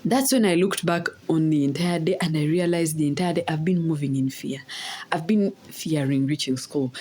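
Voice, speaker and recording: A young woman from Uganda, casually telling a story in a vlog and acting out the voices in quotes. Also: deep voice. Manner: animated, laughing, acts out voices in quotes. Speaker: vlogger.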